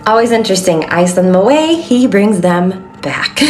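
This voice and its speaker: A woman's voice: medium pitch, normal speed, slight background noise. A woman casually telling a creepy story about her son to the camera, acting out both voices. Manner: animated, acts out her son's and her own lines. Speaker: psychic mother telling a story.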